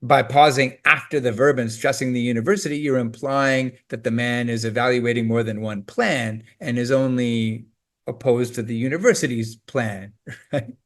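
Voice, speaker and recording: A man's voice: medium pitch, steady tone, moderate pace. A man teaching test preparation in a scripted, emphatic, coaching explanation.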